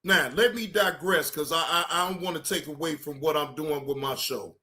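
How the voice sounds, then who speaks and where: A man's voice: a little high, normal speed. Heated, profane man ranting on stream. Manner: heated, repetitive, keeps telling himself to calm down. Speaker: livestream reaction host. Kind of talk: profane livestream rant.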